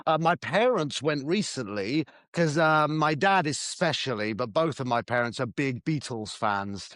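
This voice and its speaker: A man's voice: mid-range voice, animated, a little slow, fairly bright tone, no room sound, clean studio sound. A man co-hosting a podcast, chatting casually and hedging his opinions. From southern England. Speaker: podcast co-host. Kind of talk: casual chat.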